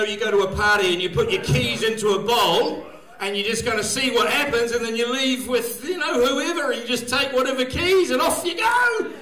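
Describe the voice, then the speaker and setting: Rambling crude New comedian. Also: male voice, sits high, bright, forceful tone. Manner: rambling, crude, self-mocking, laughing at own jokes. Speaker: stand-up comedian. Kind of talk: stand-up comedy set. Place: comedy gig venue, live audience. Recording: echoey live venue.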